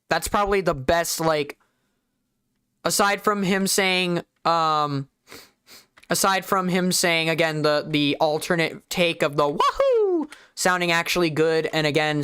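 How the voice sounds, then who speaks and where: A streamer with a light Southern US lilt chats loosely through live commentary, rambling and poking fun at themselves. The voice is smooth and resonant. The sound is close and dry. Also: mid-range voice, a bit bright, no echo. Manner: chatty, rambling, self-deprecating.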